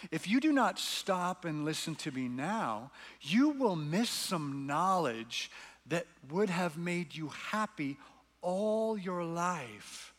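A man's voice: a little high, sing-song, slow pace, a bit bright, long reverb tail, full character voice. A man reading as a coaxing witch. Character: cold tempting female witch.

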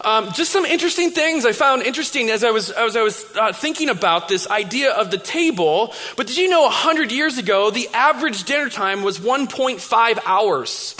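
A man's voice: very high-pitched, animated, moderate pace, few pauses, sharp tone. A man in his thirties, a pastor giving a sermon, telling stories in a conversational way with many restarts. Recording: long reverb of a large hall.

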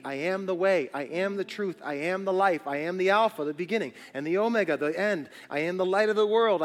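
A man preaches a sermon in a fairly high voice, driving his points home with emphatic repetition. His words ring out through a church sanctuary with a long reverb tail, and soft music plays underneath. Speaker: pastor.

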